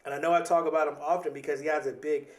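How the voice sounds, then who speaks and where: An earnest young man with a voice a touch higher than most men's talks through a reflective motivational monologue as a podcast host. He often restarts phrases, doubles his words and checks in with the listener as he goes. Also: little pitch movement, very fast.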